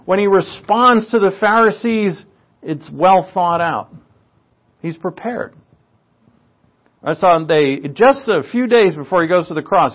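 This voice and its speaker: A man's voice: on the high side, muffled recording. A man preaching a conversational sermon, with joking, self-mocking asides.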